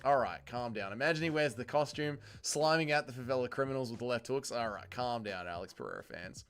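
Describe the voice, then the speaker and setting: A young Australian man hosting a casual livestream, reading out viewer comments with loud laughter and plenty of swearing. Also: medium pitch, fairly quick, clean tone. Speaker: livestream host.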